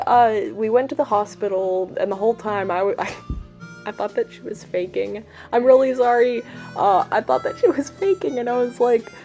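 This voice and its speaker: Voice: medium pitch, darkish tone. A vlogger chatting casually at home while cleaning a toy, rambling and often breaking off to laugh.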